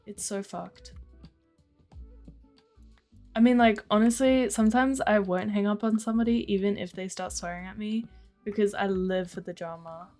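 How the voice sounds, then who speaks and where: Young Australian woman, livestream chatter; loose, profane storytelling, medium pitch, quiet music under. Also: moderate pace, long pauses. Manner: chatty storytelling, heavy use of 'like', swearing, laughing. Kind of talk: casual chat on a live stream.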